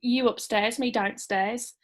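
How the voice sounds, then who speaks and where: High, giggly, self-conscious wife. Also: female voice, steady tone, takes it slowly. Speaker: guest, host's wife. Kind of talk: casual chat. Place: home room, downstairs. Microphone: video call.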